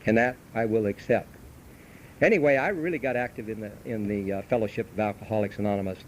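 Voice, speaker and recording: A man's voice: fairly low pitch, fast talker, rough recording. A middle-aged man giving a folksy, storytelling recovery talk at a meeting, grown up in Southern California. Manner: folksy storytelling, animated when telling the anecdote. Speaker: AA speaker. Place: meeting hall. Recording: old cassette tape with faint hum.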